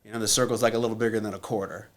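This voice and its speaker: A man's voice: fairly low pitch, little pitch movement, racing. A man in his thirties, a podcast guest, telling a personal story in a blunt, candid way, swearing often and using many fillers.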